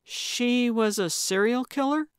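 A woman's voice: fairly high pitch, slow, smooth, no room sound, studio quality, pitched above the performer's own voice. A woman voicing an earnest, somewhat hesitant male paramedic in an audiobook. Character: young man, earnest awkward paramedic. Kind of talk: audiobook character voice.

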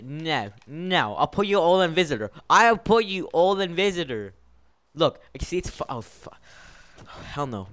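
A man with a slightly high, fairly bright voice live-streams while running a Minecraft server. In casual commentary, he gets exasperated and scolds his players but laughs often.

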